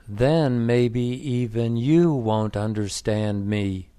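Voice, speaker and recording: Stubborn fed-up wife, read plainly by a man, slow, smooth voice. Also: mid-range voice, warm tone, no echo, close to an everyday voice.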